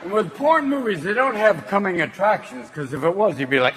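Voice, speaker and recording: Manic high-voiced male stand-up comedian. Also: animated. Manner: manic, rapid-fire, mimicking. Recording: noisy live stand-up venue.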